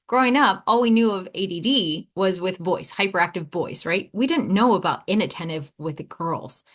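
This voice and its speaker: A woman's voice: lowish voice, normal speed. Chatty woman in her thirties. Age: 30s. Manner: animated, quotes people in lively voices, laughs often. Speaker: podcast host. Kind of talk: personal storytelling podcast.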